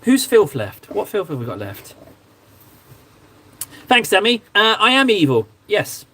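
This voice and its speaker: A man's voice: a little high, very animated, measured pace, pauses often, fairly bright tone. Playful man chatting on a livestream. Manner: playful, self-mocking, jokey banter. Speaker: livestream host painting miniatures. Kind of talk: casual livestream chat, reading out chat.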